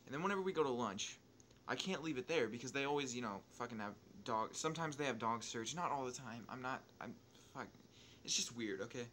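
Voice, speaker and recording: A young man telling a story casually, swearing constantly, rambling with restarts and excited jumps in volume. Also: medium pitch, a little hiss or hum. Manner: profane, rambling, restarts and asides; excitable, quick swings in loudness. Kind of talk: casual storytelling over gameplay.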